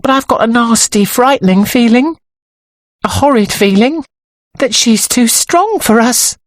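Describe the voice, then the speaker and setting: A nervous, jumpy woman with an English accent, as a female reader puts her on, her voice pitched high and breathy and swooping wide with worry. The sound is close and dry, a storybook reading. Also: animated, measured pace, dry recording. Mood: frightened. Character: anxious, easily frightened woman assistant. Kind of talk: audiobook character voice.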